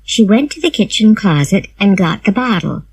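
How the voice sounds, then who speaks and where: A woman reading a graded storybook aloud in a slow, clear and expressive storytelling manner. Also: medium pitch, low-quality recording. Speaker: reader. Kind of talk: graded reader narration.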